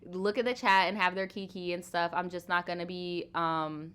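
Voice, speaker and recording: Hosting a laid-back live Q&A, this twenty-something woman speaks at a normal pace in a fairly low, steady voice that comes across bright, forceful and clean. Her talk is frank and chatty, loaded with fillers, casual swearing, plenty of "like" and frequent laughter.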